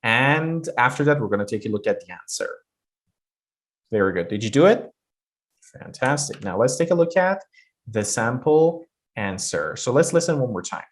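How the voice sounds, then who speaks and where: A man's voice: mid-range voice, lively intonation, moderate pace. A man teaching a pronunciation lesson, explaining step by step with frequent hesitations. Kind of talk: online lesson.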